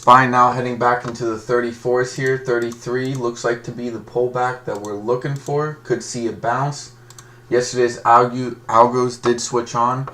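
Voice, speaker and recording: A man's voice: mid-range voice, level tone, normal speed, pushed and bright. A man streaming live, giving casual, rambling commentary on stock moves as he reads tickers aloud. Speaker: livestream stock trader.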